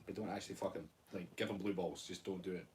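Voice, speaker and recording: A man's voice: low-pitched, fairly even intonation, quick pace, darkish tone, far from the mic. A Scottish man co-hosting a live stream, joking and bantering as he reads out viewer comments. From Scotland. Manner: joking, playful, laughing banter. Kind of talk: casual live-stream chat reading comments.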